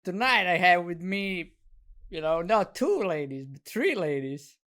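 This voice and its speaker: A man's voice: high voice, lively intonation, a little slow, sharp tone. A man hosting a podcast in casual chat, laughing often and leaning on "you know" as he talks. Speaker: podcast host.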